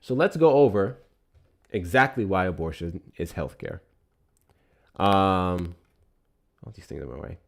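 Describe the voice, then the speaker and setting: A man's voice: sits low, lively intonation, unhurried, creaky, pauses often. A man hosting a live political call-in stream, talking bluntly and heatedly.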